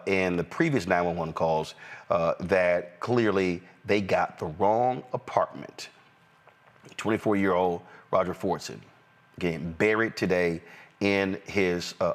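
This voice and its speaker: Male news show host with a somewhat low voice; steady, deliberate reads with plenty of "uh"s. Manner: deliberate, frequent "uh" fillers. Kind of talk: news commentary and show sign-off.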